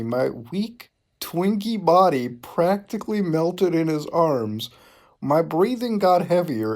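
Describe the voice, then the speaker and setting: A man's voice: fairly high pitch, a little mellow. A man reading fan fiction aloud for comedy, breaking in with profane, exasperated asides. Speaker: YouTuber.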